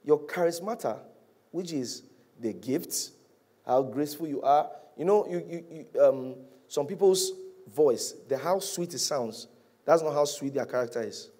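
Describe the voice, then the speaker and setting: A male pastor preaches a sermon in an animated way, climbing to loud peaks and then dropping to hushed, drawn-out lines. His voice is fairly high in pitch and slightly rough.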